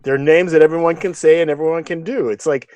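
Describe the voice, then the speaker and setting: A man's voice: a little high, fairly even intonation, fast talker, darkish tone, dry recording. A man co-hosting a podcast, emphatic and lecturing as he argues a point in casual discussion. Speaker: podcast co-host.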